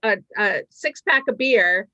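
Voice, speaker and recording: A middle-aged woman from Massachusetts, a stand-up comedian telling rambling stories with quick asides in a casual chat. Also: medium pitch, lively intonation, pushed and bright, no echo. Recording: dry, slightly dull sound.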